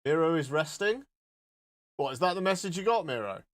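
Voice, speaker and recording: A man's voice: a little high, lively intonation, brisk. A man chatting casually and joking as he shows off filters on his live stream, with some swearing.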